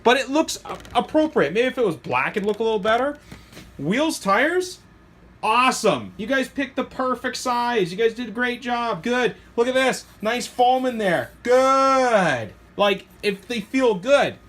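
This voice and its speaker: A middle-aged man, casually reviewing toy trucks in an excitable, rambling way. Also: unhurried. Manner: excitable, rambling, jumps to high squeals when thrilled. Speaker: hobby shop owner reviewing RC trucks.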